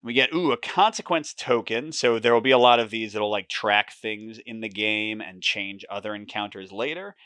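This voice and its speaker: A man's voice: lowish voice, moderate pace, hardly any pauses, bright, forceful tone, smooth, no echo. A man hosting a board game playthrough, reading the horror story text dramatically and chatting casually about his moves. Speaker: board game channel host.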